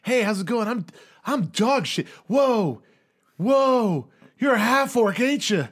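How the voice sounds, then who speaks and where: Goofy excitable frat pledge, as a man puts him on, high eager voice, tabletop game. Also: takes it slowly, exaggerated voice.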